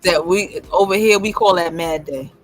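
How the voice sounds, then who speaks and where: A man's voice: sits high, moderate pace, rough recording. A man hosting a casual livestream chat, gossipy and laughing often as he acts out what others said. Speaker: host.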